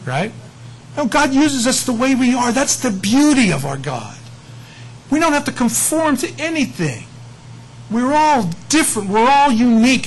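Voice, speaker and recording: Animated high-voiced male pastor. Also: a little hiss or hum, poor audio. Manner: conversational, animated, self-mocking. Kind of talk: casual Bible teaching.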